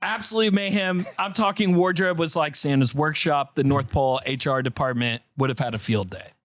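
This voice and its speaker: A man co-hosting a podcast, reading a listener's story aloud with animated comic delivery in a studio. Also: fairly high pitch, moderate pace, dry recording. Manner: animated storytelling, breaks into laughter. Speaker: podcast co-host.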